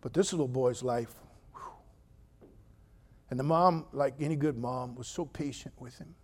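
An older man preaching a sermon as pastor, telling funny stories with sudden loud outbursts, then speaking more quietly and earnestly. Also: medium pitch, normal speed, husky. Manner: humorous, animated storytelling with sudden loud outbursts. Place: church.

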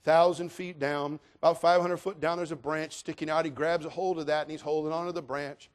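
A man preaching a sermon as pastor, folksy and full of jokes, swinging between loud declarations and hushed asides. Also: fairly high pitch, level tone, a little fast.

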